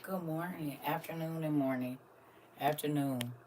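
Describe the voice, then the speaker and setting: With a low-pitched, unhurried voice, a middle-aged woman chats casually on her live stream, a little background noise audible. She's emotional and animated, laughing frequently as she moves from quiet musing to loud exclamations.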